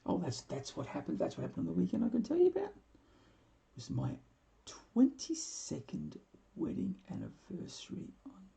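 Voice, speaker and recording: A man in his forties hosting a live painting stream, chatting casually and rambling with chuckles, often trailing off into quiet mumbles. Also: a little high, wildly swooping pitch, moderate pace, vocal fry. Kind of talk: casual chat while painting.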